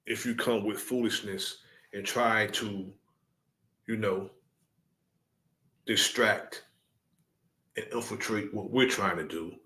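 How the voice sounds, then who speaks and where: A man addressing his followers in a deliberate, preaching cadence, repeating his key points. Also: fairly low pitch, fairly even intonation, bright, forceful tone.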